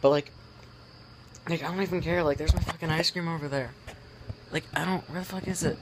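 A man's voice: a little high, fairly even intonation, brisk. Annoyed teen guy venting to his camera, swears a lot, rambles, bit of noise behind. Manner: irritated, swearing, rambling with many fillers. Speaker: vlogger. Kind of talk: casual ranting vlog.

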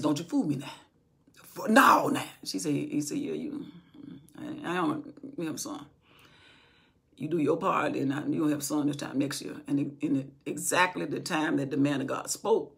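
A woman's voice: sits low, creaky, slightly rough. A woman telling a Bible story from memory in an informal teaching style, acting out what the people in it say. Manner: retells from memory, acting out quoted speech.

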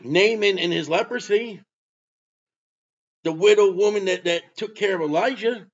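A man preaching a sermon, emphatic, with bursts of loud delivery. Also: sits high, moderate pace. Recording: dull lo-fi sound.

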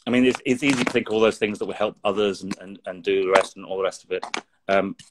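A man's voice: low voice, little pitch movement, fast talker, noisy background. A middle-aged man from England speaking as an interview guest, earnest and reflective, often repeating words as he searches for them. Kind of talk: interview conversation.

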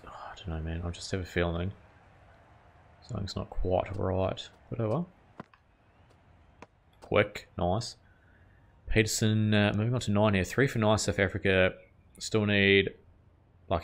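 Excitable guy commentating a cricket game. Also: low-pitched, slight background noise. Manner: excitable, swears at the game, quick reactions. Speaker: gaming channel host. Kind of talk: casual gameplay commentary.

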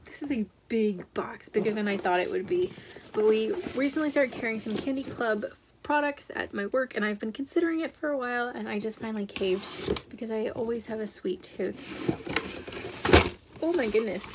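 Gushing woman vlogger with a gravelly voice. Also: a little high, normal speed, background noise. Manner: chatty, gushing, trails off and restarts often. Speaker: book vlogger. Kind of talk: casual vlog chat.

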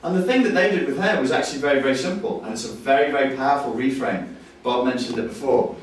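A man's voice: mid-range voice, fast talker, slight background noise. A man teaching a course, acting out stories with jokey voices and sudden screams. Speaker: NLP trainer. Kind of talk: lively teaching with acted-out stories. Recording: very echoey room, distant mic.

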